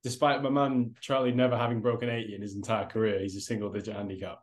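Bloke chatting on a call, rambly, says mate every other line, bit of swearing. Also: male voice, lowish voice, level tone, fast. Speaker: podcast co-host. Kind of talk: casual chat. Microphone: video call.

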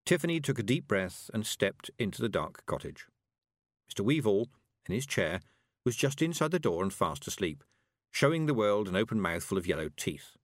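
Expressive male storybook narrator. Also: lowish voice, moderate pace, no room sound, clean studio sound. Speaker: audiobook narrator. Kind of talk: scripted narration.

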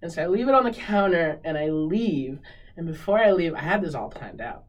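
A woman's voice: on the low side, lively intonation, a little fast, distant mic. A woman in her twenties of Mexican heritage, a podcast guest telling a personal story in a candid, emotional way and often laughing between words. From Mexican heritage, United States. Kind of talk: personal storytelling in a casual interview.

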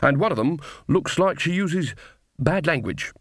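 A man's voice: fairly high pitch, animated, measured pace, a bit bright, no room sound, clean studio sound, voice pushed up. A man voicing a young, earnest woman witch with a prim, slightly snippy manner.

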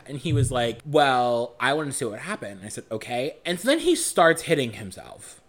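A young man co-hosts a podcast, telling a story in a casual way with frequent swearing and acting out the lines he quotes. His medium-pitched voice swings widely in pitch, moving at a normal speed with hardly any pauses.

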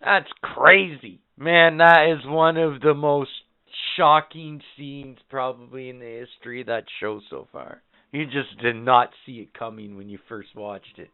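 A man hosting a casual podcast, counting down favorite moments with excited, profane storytelling. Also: medium pitch, unhurried, smooth. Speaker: podcast host. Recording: phone-like narrow band.

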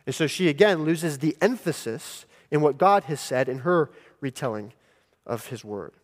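A male pastor preaching a sermon in a deliberate, emphatic teaching manner. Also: a little high, lively intonation. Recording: long hall reverb.

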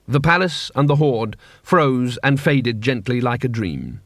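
A man narrating an audiobook in a wry, steady storytelling manner. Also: mid-range voice, a little slow, hardly any pauses, no echo, clean studio sound.

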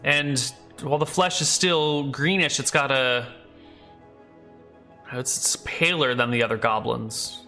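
A man doing a calm wounded knight. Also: medium pitch, unhurried, faint music behind. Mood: thoughtful. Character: wounded veteran male knight, calm and steady.

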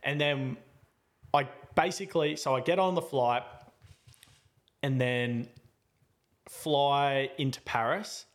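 A man hosting a podcast, telling a story in a casual, animated way and acting out his own lines. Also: medium pitch, slow, pauses often. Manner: animated, acts out his own quotes loudly. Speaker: podcast host.

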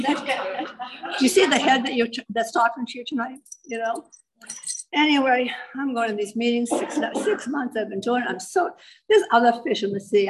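A woman's voice: on the high side, background noise. Woman, from Massachusetts, personal testimony, wry, self-mocking storyteller, speaking to an audience. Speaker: speaker sharing her recovery story. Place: in front of a live audience.

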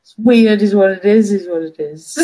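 A woman's voice: medium pitch, heavy background noise. A young woman in her twenties, co-hosting a casual chat show and telling stories while laughing often. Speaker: podcast co-host.

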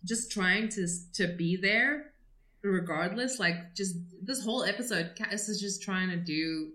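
Bright-voiced woman in a roomy echo. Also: medium pitch, a little slow. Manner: playful, giggly. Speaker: podcast co-host. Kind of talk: casual fan podcast chat.

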